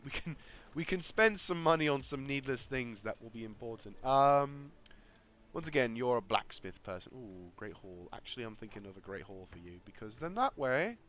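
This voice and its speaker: A man's voice: mid-range voice, fairly bright tone. A man casually commentating a strategy game, thinking aloud with lots of fillers and restarts. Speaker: gaming video creator.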